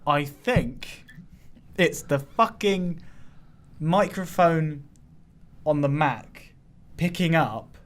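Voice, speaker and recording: A man's voice: fairly high pitch, extremely slow. A young man co-hosting a podcast, playful and teasing in casual chat. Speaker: podcast co-host.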